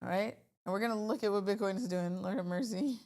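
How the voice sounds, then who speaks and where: A woman streaming live from her desk, chatting away as she walks viewers through charts. She talks in an animated, easygoing way into a computer mic and reacts to her audience as she goes. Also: mid-range voice, quick pace. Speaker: trading livestream host. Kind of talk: casual livestream chat.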